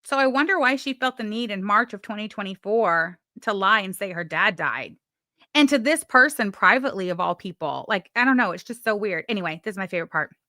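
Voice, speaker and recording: Bright, chatty woman live-streaming. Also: mid-range voice, lively intonation, a little fast, no room sound, studio quality. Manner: chatty, reads messages aloud with mock drama, swears freely. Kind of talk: casual live commentary.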